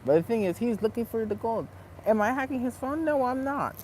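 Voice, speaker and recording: A man's voice: very high voice, a little fast, a little hiss or hum. A man telling a story in a casual, profane rant as a vlogger, breaking into laughs. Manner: animated, profane, laughs between lines.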